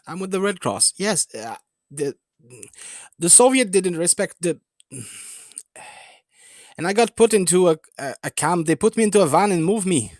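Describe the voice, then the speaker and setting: A man's voice: high voice, animated, moderate pace, long pauses, darkish tone, no room sound, clean studio sound, voice pushed up. A man voicing a nervous male Red Cross worker with a Swedish accent, stammering as he pleads.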